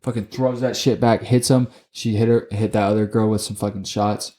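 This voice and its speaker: A young man co-hosts a sports podcast in a fairly low voice, chatting casually and rushing through his opinions. He swears nonstop, gets excitable, and trips over his words, often repeating them.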